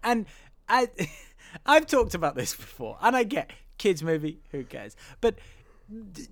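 A podcast co-host chatting casually about a film, animated and quick to laugh, swearing now and then. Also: mid-range voice. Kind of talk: casual film review chat.

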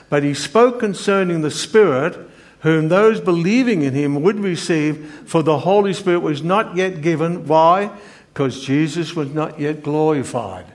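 An older preacher's fairly high voice carries his sermon as he reads scripture sincerely, stumbling with frequent fillers and restarts.

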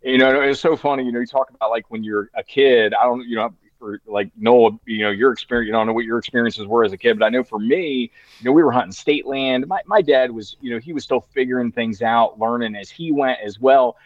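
A man in his thirties chats his way through a story, looping back on himself and leaning on "you know" at every turn. His voice sits at an ordinary middle pitch. The sound is dry and a bit dull, with no room around it. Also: brisk, dry recording. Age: 30s. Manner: rambling, heavy use of "you know" fillers and restarts. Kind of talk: casual storytelling chat.

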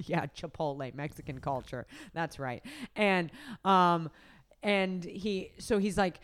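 A woman hosting a podcast, telling a story in casual chat, full of fillers and quick laughs. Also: fairly low pitch, clean tone. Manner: rambling, filler-heavy, laughs often. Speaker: podcast host. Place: podcast recording setup.

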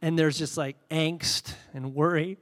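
A man in his forties preaching a sermon, conversational and personal, swinging between soft intimate passages and loud fervent peaks. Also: fairly high pitch, fairly even intonation, unhurried. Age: 40s. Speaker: pastor.

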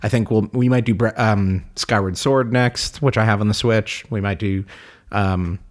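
A man with a somewhat low voice talks in a loose, rambling way. He fills his sentences with "like" and laughs often, as a podcast co-host in casual chat. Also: steady tone, moderate pace.

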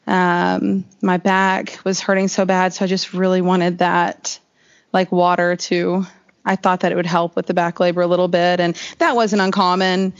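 A woman's voice: lowish voice, flat delivery, moderate pace, smooth. Chatty woman telling a personal story. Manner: chatty, rambling, heavy use of "like". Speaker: interview guest. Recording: slightly dull lo-fi recording.

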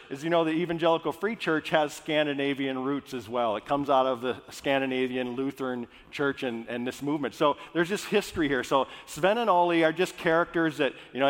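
A man's voice: medium pitch, a bit bright. A male pastor from Minnesota, praying and then preaching in an earnest, conversational way. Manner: earnest, conversational, restarts phrases. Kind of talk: sermon. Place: church sanctuary. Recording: echoey hall.

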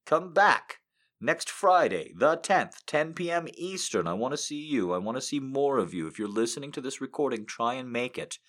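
A man hosting a live show, reading a story aloud and then chatting casually, animated and swinging between hushed and loud. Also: medium pitch, normal speed. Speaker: reader and live show host.

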